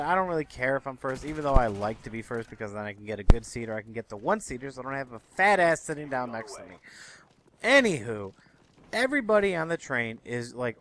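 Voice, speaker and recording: A young man ranting through his everyday stories in a profane, exasperated, animated way, talking straight to his viewers. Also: mid-range voice, slight background noise. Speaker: commentary vlogger. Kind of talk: ranting storytelling monologue. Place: Chicago area.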